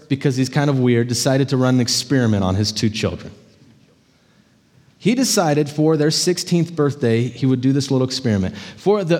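Animated preacher in a reverberant hall. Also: male voice, on the high side. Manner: animated storytelling, frequent "right?" check-ins. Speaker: pastor. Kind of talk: sermon.

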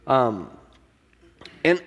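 A man delivers a sermon in an easygoing, conversational way, joking with the congregation and stumbling over restarts and filler words. His voice sits at a middling pitch. A long reverb from the large hall trails each phrase. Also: very animated, drawn-out words. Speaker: pastor.

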